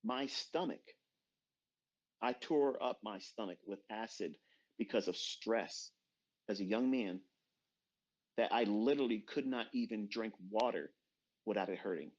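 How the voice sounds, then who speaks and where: A middle-aged man giving a blunt, profane motivational rant as a trading mentor, dropping to low murmurs and then bursting out loud. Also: a little slow, pauses often, slightly rough. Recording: dull lo-fi recording.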